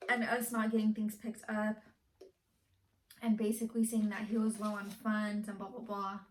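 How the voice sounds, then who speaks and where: A woman's voice: mid-range voice, a little mellow, slight background noise. Rambling young woman, echoey room. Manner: rambling, heavy use of "like". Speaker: vlogger. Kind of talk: casual storytime.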